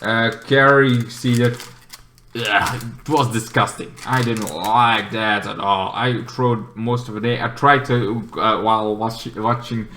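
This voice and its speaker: A man talks through a movie review in a loose, rambling way, full of fillers and restarts. His voice is bright and forceful. The sound bounces around a roomy, echoey space. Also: lowish voice, takes it slowly. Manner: rambling, excitable, with many fillers.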